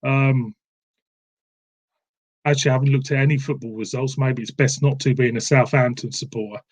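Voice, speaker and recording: A man with a southern English accent, hosting a live beer-review stream with a casual, chatty delivery. He rambles, repeats his words, and keeps calling his viewers "mate". His pitch sits in an ordinary middle range for a man. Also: steady tone, moderate pace, darkish tone. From southern England.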